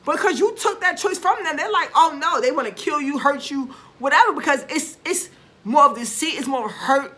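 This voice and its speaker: A vlogger speaks directly to her viewers in a loose, unscripted rant to camera. Her mid-range voice is bright and forward, and she's blunt and profane, driving home points with swearing and sudden emphasis, often trailing off and restarting her thoughts. There's a little hiss or hum in the recording.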